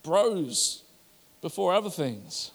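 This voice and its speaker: Kiwi pastor preaching, animated, does funny crowd voices, high voice, echoey church hall. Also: male voice, slow pace, creaky. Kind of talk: sermon. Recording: long hall reverb.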